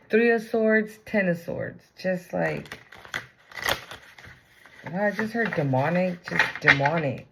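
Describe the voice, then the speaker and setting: A woman's voice: fairly low pitch, expressive, slow, vocal fry, pauses often, heavy background noise. A woman giving a casual tarot reading, blunt and profane, full of slang. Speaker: tarot reader.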